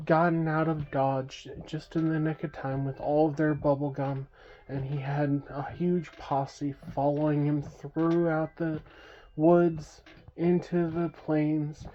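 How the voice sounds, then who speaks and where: Low-voiced woman telling a bedtime story. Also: fairly even intonation, takes it slowly, warm tone. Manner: playful, makes sound effects, asks the listener questions. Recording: dull lo-fi recording.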